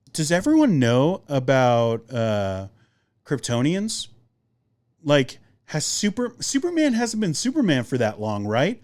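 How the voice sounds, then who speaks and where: A young man hosting a podcast, giving a casual, rambling movie review with lots of fillers and animated jumps in his voice. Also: a little high, clean tone. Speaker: podcast host.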